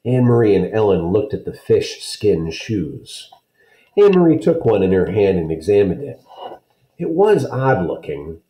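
A man's voice: on the low side, sing-song, unhurried, mellow, roomy sound, low-quality recording. A man, a teacher, reading a children's novel aloud to students, friendly and checking in with listeners.

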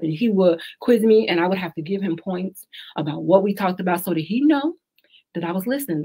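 Husky woman hosting frank radio talk. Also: mid-range voice, lively intonation, moderate pace, darkish tone. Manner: candid, emphatic, repeats advice for stress. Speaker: talk show host. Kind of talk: casual live radio talk.

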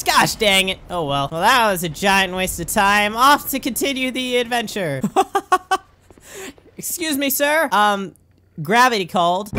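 A young woman doing let's play commentary, excitable and goofy, often yelping and laughing. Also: mid-range voice, a little hiss or hum. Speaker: gameplay commentator.

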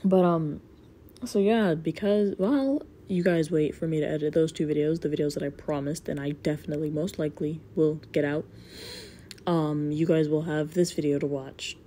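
A woman's voice: sits low, steady tone, moderate pace, warm tone, a little hiss or hum. A woman vlogging to her viewers in a rambling, self-deprecating, giggly way. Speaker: voice actor and YouTuber. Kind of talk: casual vlog chat.

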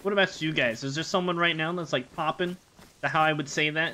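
Bright-voiced joking American streamer man. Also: on the high side, fairly even intonation, fast talker. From United States. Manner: joking, rambling, answers chat. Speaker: game streamer. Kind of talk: casual live-stream chat while gaming.

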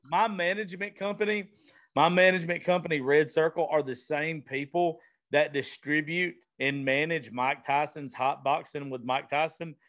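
A Southern-accented man hosting a casual podcast from his studio. He talks in a slightly higher register than most men. His speech is blunt, rambling and full of swearing. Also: fairly even intonation, moderate pace, a bit bright. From Southern United States. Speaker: podcast host. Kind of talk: casual chat. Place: vintage-themed studio.

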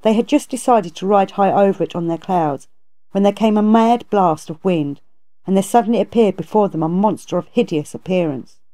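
A woman narrating a classic novel aloud in a measured, even way. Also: mid-range voice. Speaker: audiobook narrator. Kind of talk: storybook narration.

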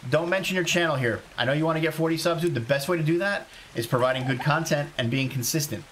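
A man from South Carolina streaming a survival game live, chatting excitedly and greeting viewers by name. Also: a little high, quick pace, a little hiss or hum. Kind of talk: casual live game commentary.

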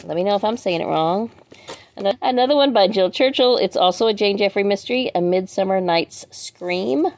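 Gravelly-voiced woman chatting books. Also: mid-range voice, fairly quick, a little mellow. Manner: reads titles aloud, chatty asides to viewers. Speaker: book vlogger. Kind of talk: casual book unboxing chat.

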